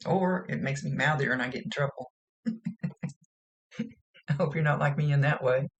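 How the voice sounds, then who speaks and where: A woman's voice: low-pitched, normal speed, dull audio. A woman working as a psychic medium, giving a casual reading in a chatty, folksy, rambling way.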